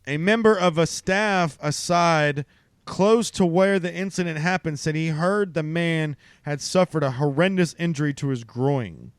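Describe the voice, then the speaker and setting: Smooth, higher-voiced man reading news. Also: measured pace, no room sound. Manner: laughs often and breaks off to mock the article's writing. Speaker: podcast co-host. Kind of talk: casual chat, reading a news story aloud.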